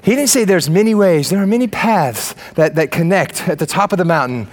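High-voiced man preaching with swings in volume. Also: lively intonation, brisk. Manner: dynamic preaching, swings from loud emphatic to low and quiet, casual slang. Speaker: pastor. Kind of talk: sermon.

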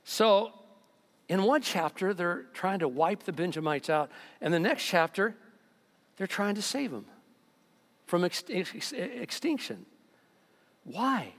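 A male pastor preaching a sermon to his congregation, animated and mocking, acting out the voices of the people he talks about. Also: high-pitched, slow pace, long pauses, big-room sound. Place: church sanctuary.

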